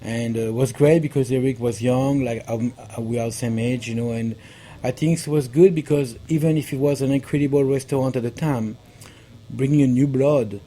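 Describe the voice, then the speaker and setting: Male guest with a thick French accent, dark mellow voice, halting storyteller. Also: mid-range voice, steady tone. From France. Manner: halting, with many fillers and laughs. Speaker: pastry chef guest. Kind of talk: conversational interview.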